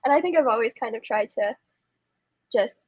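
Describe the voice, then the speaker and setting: A young woman in her twenties, a comedian guest in casual interview chat, giggly and halting with many fillers. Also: fairly high pitch, expressive, slightly rough, no room sound, muffled recording.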